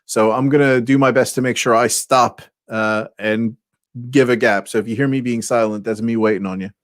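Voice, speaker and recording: A man co-hosts a casual podcast over a remote call. His voice is mid-pitched and unhurried, broken up by fillers and restarts, and the sound is dry and close to the mic. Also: fairly even intonation, no room sound. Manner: hesitant, many fillers. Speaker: podcast co-host. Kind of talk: casual chat.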